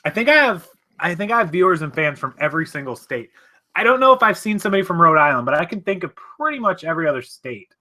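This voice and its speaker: A man with a high-pitched, very animated voice talks fast in a bright, forceful tone. He's hosting a casual live stream from his home office, rambling and chatty, correcting himself as he goes and answering viewers' comments.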